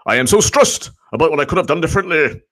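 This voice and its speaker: A man's voice: a little high, lively intonation, fast talker, a bit bright, voice pushed up. A man doing a mock stressed official. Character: mocking parody of a stressed male official.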